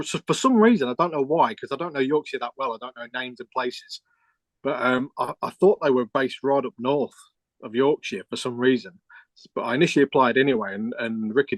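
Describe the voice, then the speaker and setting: A man's voice: medium pitch, dry recording. A middle-aged man, a keyboard player, telling a rambling story with restarts and quoted dialogue in a casual interview.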